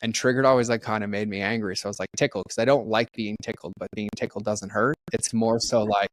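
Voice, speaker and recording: A middle-aged man with a fairly low voice tells a candid story as a podcast guest, acting out the voices of others with lots of "like" fillers. The recording is dry and close, with no room sound. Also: quick pace, no room sound. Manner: animated, acts out quoted dialogue with many "like"s. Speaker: podcast guest, personal development trainer.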